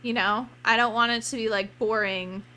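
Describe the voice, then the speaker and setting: Host casting: a bubbly woman gamer chatting over gameplay, bright, slightly high voice. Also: moderate pace. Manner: chatty, excitable, rambling asides. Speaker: streamer. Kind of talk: let's play commentary.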